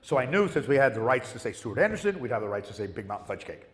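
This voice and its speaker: Animated man telling stories in an echoey hall. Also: medium pitch, fast talker. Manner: animated storyteller acting out voices, swearing freely. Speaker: panel guest. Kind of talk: storytelling at a convention panel. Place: convention panel room. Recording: roomy hall with long reverb.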